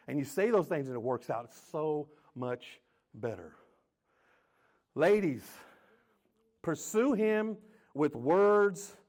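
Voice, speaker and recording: A man pastor preaching a sermon, animated, with quick repetitions and acted-out quotes of couples talking. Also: on the high side.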